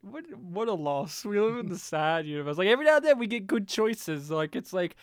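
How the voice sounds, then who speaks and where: A man's voice: high-pitched, expressive, a little fast, hardly any pauses, smooth, no echo, clean studio sound. A man co-hosting a podcast in casual chat, joking, laughing often and slipping into silly impressions. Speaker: podcast co-host.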